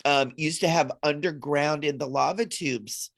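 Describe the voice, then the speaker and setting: A woman co-hosting a casual spiritual chat, playful and quick to laugh. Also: sits low. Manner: laughs often, playful and animated. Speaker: co-host.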